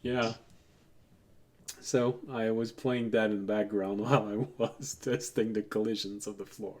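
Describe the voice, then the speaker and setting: A man running a tabletop game as game master, relaxed and digressive, laughing often as he tells stories. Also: lowish voice, unhurried.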